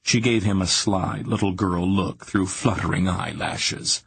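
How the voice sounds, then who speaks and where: A man narrating an audiobook in a steady, expressive reading. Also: sits low, unhurried, vocal fry, slightly rough.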